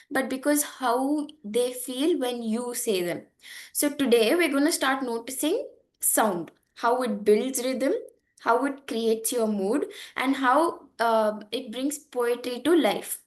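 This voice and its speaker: A young woman leads a poetry workshop at an unhurried pace, her voice sitting a little high. She explains patiently, with frequent fillers and small check-ins with her listeners. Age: young adult. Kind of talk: online lesson with slides.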